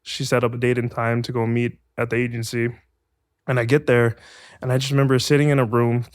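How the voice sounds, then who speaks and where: Animated man telling a story. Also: mid-range voice, a little fast, no room sound, studio quality. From Hawaii. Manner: animated, acts out voices in his stories. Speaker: guest actor. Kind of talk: casual storytelling.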